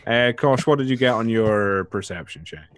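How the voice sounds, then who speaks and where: A man's voice: on the low side, animated, normal speed, a bit bright, no echo. A man narrating as game master of a tabletop game, often repeating words as he describes the scene.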